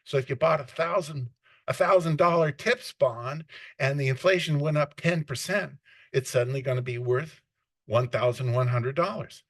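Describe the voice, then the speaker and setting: A man lecturing a class in a conversational, unscripted way, often stopping to restart and rephrase his sentences. His voice sits at an ordinary middle pitch. The recording is close and dry, with almost no room sound. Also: fairly bright tone, dry recording. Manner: unscripted, frequent restarts and self-corrections.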